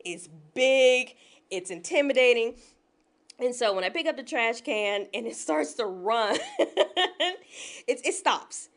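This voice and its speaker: High, lively woman spinning a laughing tale. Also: slow pace. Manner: animated, laughs often while telling a story. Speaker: podcast co-host. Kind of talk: casual storytelling chat.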